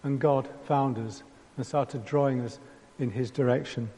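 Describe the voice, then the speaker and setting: Male preacher, mid-pitched, chatty sermon voice, long hall reverb. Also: steady tone, unhurried, dark tone. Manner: conversational, acts out prayers in first person.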